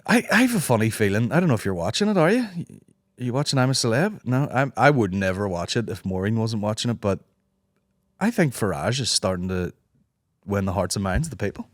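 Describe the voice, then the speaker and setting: A man's voice: fairly low pitch, sing-song, a little fast, no room sound, clean studio sound. A man in his thirties with a Northern Irish accent, hosting a solo comedy podcast, rambling and swearing freely while acting out other people's voices, his throat sore. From Northern Ireland. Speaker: podcast host.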